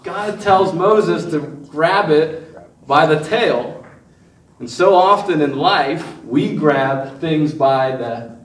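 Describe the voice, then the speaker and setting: A man in the pulpit delivering a sermon, slow and deliberate, with a fairly high voice. He brightens into playful voices for the characters and chuckles between lines. The sound is echoey and comes from some distance off the mic, as in a church hall. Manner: animated, laughing preacher acting out bible voices. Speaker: pastor. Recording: echoey room from far off.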